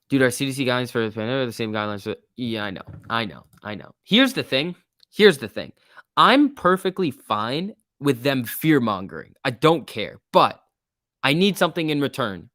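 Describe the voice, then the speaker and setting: A young man chats through a stock-market livestream, loose and excitable as he reacts to viewers. His voice sits at a middle pitch and sounds dry and close, with no room around it. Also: no echo. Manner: chatty, reads chat messages aloud, jumpy and excitable. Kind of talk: casual livestream commentary.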